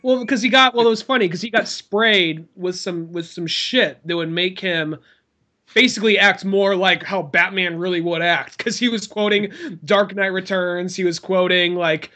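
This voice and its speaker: Brief: young male podcast host, high and bright, animated, swears a lot while retelling scenes. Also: moderate pace. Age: young adult. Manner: animated, swears freely, acts out quotes in a high voice. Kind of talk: casual chat.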